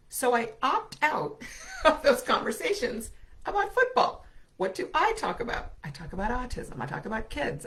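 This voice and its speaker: A middle-aged woman, an autism specialist and speech therapist, giving an earnest, expressive talk to parents and often asking "right?". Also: mid-range voice. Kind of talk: presentation to parents.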